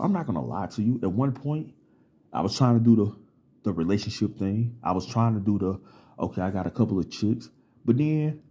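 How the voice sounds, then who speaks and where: A man lectures his audience in a casual vlog monologue, streetwise and full of profanity. His voice sits low and sounds dark and mellow. It has a husky, slightly rough grain. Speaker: vlogger.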